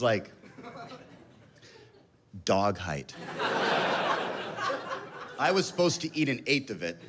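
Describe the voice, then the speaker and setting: A man's voice: mid-range voice, very noisy. A man in his thirties telling a rambling, self-mocking story as a stand-up comedian on a club stage. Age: 30s.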